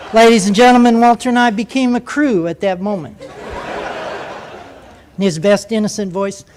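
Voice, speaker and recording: A man's voice: high-pitched, unhurried, pauses often, noisy background. An older man, a former military pilot, telling a humorous story to a live audience and acting out the voices. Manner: animated, humorous, acts out voices.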